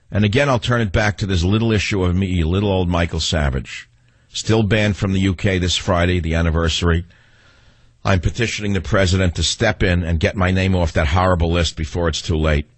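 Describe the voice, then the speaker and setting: A man with a New York accent rants into a studio mic as a talk radio host, combative and sarcastic. His voice sits low and husky, and the sound is close and dry with no room behind it. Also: a little fast, dry recording.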